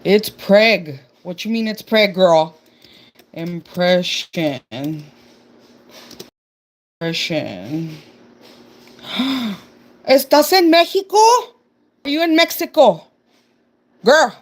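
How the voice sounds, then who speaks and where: Texan woman, young, unhurried live-stream chatter, reads comments aloud. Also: medium pitch, very animated. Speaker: livestreamer. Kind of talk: casual live-stream chat.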